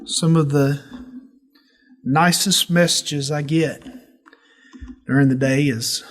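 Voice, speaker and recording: A man leading a church Bible study, teaching in a folksy, animated storytelling way. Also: a little high, takes it slowly. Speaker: pastor.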